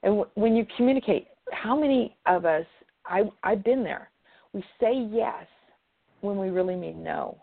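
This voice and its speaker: A woman's voice: medium pitch, animated, normal speed, vocal fry. A woman giving earnest advice in casual conversation, often restarting her sentences. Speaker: guest. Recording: tinny phone-like line.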